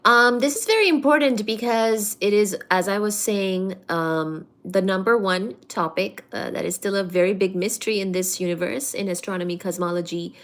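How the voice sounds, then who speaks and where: At normal speed and with few pauses, a woman's medium-pitched voice hosts a casual study stream from home. She chats with lots of fillers and coos baby talk to her cat between topics, using a computer mic for the livestream.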